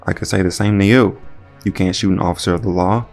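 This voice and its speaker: A man's voice: low-pitched, steady tone, fast, creaky, darkish tone, faint music behind. A man reading a defiant male police officer who answers back in terse words.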